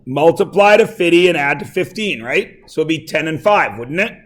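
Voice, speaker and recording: A man teaching a classroom math lesson, quizzing students with quick questions and joking asides. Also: on the high side, lively intonation, a bit bright.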